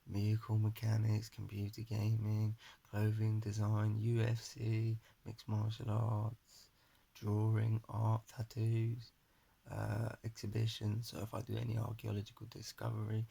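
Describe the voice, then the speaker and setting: A young man talking to a phone camera in his flat, giving a rambling, earnest personal monologue and pep talk. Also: fairly low pitch, gravelly, slightly rough. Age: young adult. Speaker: vlogger. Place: his flat at home, indoors. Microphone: phone camera held in front of face.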